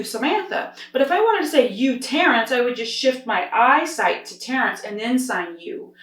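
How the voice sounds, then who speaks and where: A woman sign language teacher explaining step by step in an upbeat, demonstrative way. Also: fairly high pitch. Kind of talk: instructional explanation. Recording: roomy sound, distant from the mic.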